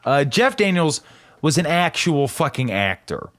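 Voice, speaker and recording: A man co-hosting a casual movie podcast, teasing his partner and swearing freely. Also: unhurried. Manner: lively, profane, teasing banter with swings in pitch. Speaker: podcast co-host.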